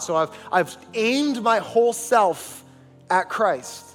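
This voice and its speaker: A man's voice: high-pitched, animated, slow, a bit bright, big-room sound, faint music behind. A man preaching a sermon as pastor, emphatic and calling on the congregation for responses, in a large church sanctuary.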